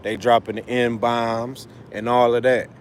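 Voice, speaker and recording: A man's voice: mid-range voice, little pitch movement, unhurried, slight background noise. A man hosting a casual livestream, a father talking loosely and emphatically, with lots of cussing. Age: adult father of school-age kids. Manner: loose, profane, rambling and emphatic. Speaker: livestream host, trucker.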